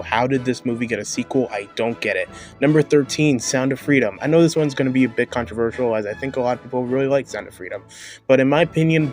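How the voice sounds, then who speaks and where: A man doing a casual movie review vlog, opinionated and exasperated, firing off rhetorical questions. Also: medium pitch.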